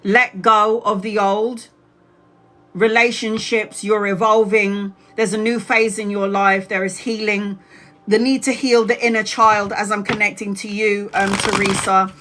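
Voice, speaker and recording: A woman's voice: medium pitch, level tone, measured pace, sharp tone, slight background noise. A woman in her forties from Brazil, a tarot reader talking bluntly and chattily on a live stream, swearing casually and acting out quotes. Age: 40s.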